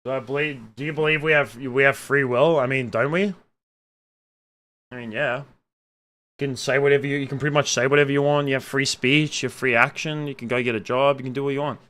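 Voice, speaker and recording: Young man, bright voice, casual chat, opinionated, animated outbursts, muttered asides. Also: mid-range voice, a little fast. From Australia. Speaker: streamer reading chat. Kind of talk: casual chat, reading viewer comments aloud.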